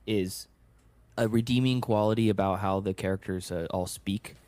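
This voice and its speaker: A man hosting a podcast, musing over a film in a halting, thoughtful way, full of restarts. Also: on the low side, steady tone, a little mellow, dry recording. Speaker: podcast host. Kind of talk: casual film review chat.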